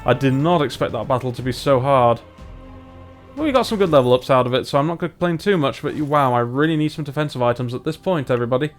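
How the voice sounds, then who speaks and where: A man's voice: mid-range voice, expressive, fast talker, faint music behind. A man, commentating a strategy game in a chatty, self-mocking way. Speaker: gamer. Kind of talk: let's play commentary.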